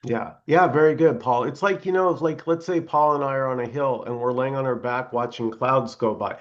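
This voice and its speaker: A man's voice: mid-range voice, brisk. A man hosting a casual spiritual discussion, explaining earnestly with everyday examples over a video call. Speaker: host. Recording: muffled lo-fi video call audio.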